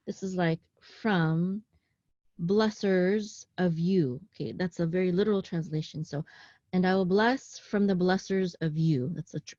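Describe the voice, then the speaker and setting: A woman's voice: deep voice, warm tone, no echo, highs cut off. A woman teaching a language lesson, explaining patiently and sounding out words syllable by syllable with frequent checks like "okay" and "right?". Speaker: Hebrew teacher.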